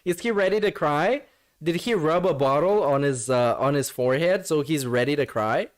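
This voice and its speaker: A man's voice: fairly high pitch, expressive, moderate pace. Mocking, profane male reaction streamer. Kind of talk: sarcastic reaction commentary.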